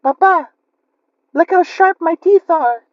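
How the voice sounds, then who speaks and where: A man voicing a creepy sharp-toothed demon baby in a high, eerie, pleading coo. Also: takes it slowly, dry recording. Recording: lo-fi muffled recording.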